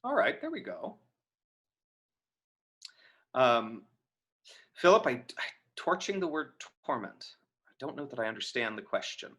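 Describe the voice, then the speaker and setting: A man teaching an acting class over a video call answers chat questions in a live online lecture Q&A. His medium-pitched voice is sing-song and sharp in tone, unhurried with long pauses. He's casual and chatty, thinking aloud with lots of fillers and restarts.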